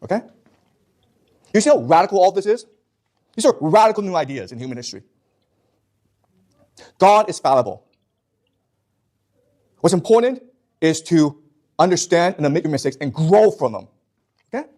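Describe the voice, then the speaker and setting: High-voiced man lecturing a class. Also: sing-song, moderate pace, pauses often, warm tone. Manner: emphatic, keeps checking in with the class. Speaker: teacher.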